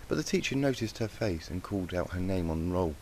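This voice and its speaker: A man narrating a fan-written storybook in a steady, even reading voice. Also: low voice, fairly quick, slight background noise. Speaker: fanfic reader.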